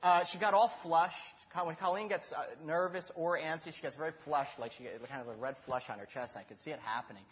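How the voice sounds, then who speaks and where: A man preaching in a storytelling sermon, animated and acting out the voices in his story. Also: fairly high pitch, fast talker, few pauses. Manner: animated, acts out quoted dialogue. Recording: dull lo-fi recording.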